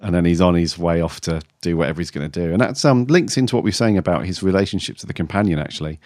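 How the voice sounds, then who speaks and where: Deep-voiced man chatting with a chuckle. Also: racing, darkish tone, dry recording, studio quality. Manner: rambling, chuckling, trailing off mid-sentence. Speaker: podcast co-host. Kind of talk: casual fan chat.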